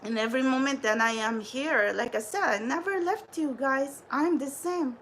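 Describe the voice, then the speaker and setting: A woman's voice: sits high, moderate pace, fairly bright tone, slight background noise, poor audio. A woman hosting a spiritual livestream, ranting in a profane, defiant and rambling way.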